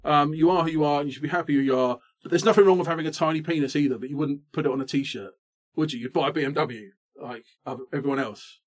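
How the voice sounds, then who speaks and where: A man in his thirties, co-hosting a comedy podcast with an animated, self-mocking ranting delivery. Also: a little high, fast. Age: 30s. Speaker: podcast co-host. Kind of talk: comic rant in casual chat.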